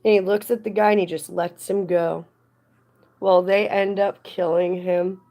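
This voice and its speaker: A woman's voice: lowish voice, flat delivery, a little slow, warm tone. A woman chatting casually on a live stream, rambling and getting indignant at times. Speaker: livestreamer.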